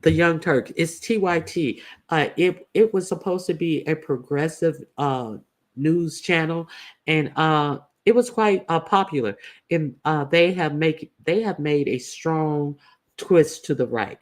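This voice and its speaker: Blunt man, halting commentary full of fillers. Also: fairly high pitch. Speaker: YouTube commentator host. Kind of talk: casual opinion commentary.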